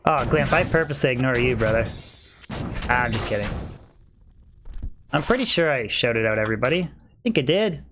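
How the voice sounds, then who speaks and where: A young man streams a video game from home, rambling on in a relaxed, conversational way while answering his chat. He holds his voice low, careful not to wake his sleeping wife, at an ordinary middle pitch. A faint hiss and the click of a mouse sit behind him. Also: brisk, long pauses. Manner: keeps voice down, wife asleep. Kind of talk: casual livestream chat while playing.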